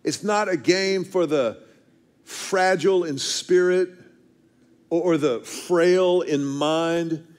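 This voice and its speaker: A man's voice: on the high side, slow pace, darkish tone. A man, preaching a storytelling sermon with earnest, self-deprecating humor and frequent restarts. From Texas, USA. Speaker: pastor.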